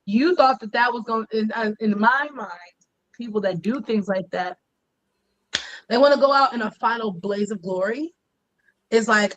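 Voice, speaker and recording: Woman podcast co-host, blunt profane rant, slightly high voice, casual gossip chat. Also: normal speed, long pauses, poor audio.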